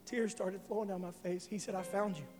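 A man preaching a sermon, telling an emotional testimony that swells to loud passionate peaks. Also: high voice, steady tone, fairly quick. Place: church sanctuary. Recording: live hall with reverb and faint music.

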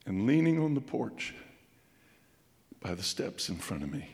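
A man preaching a sermon, telling a childhood story in a folksy, halting way and going quiet at the tender parts. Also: on the low side, big pitch swings, big-room sound. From Colorado, USA. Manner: folksy, halting storyteller who drops to a hush at emotional points.

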